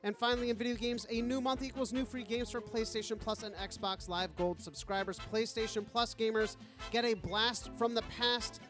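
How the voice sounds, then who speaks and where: A man's voice: high-pitched, steady tone, moderate pace, over music. A man co-hosting a podcast, talking in a chatty, jokey way. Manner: chatty, jokey, trails into laughs. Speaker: podcast co-host. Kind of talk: casual chat.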